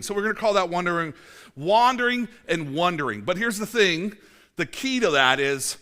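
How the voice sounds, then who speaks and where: In a church, a pastor in his forties gives a chatty, conversational sermon, his high, pushed, bright voice swinging widely in pitch at a moderate pace. Fillers and restarts abound, along with dry self-deprecating remarks.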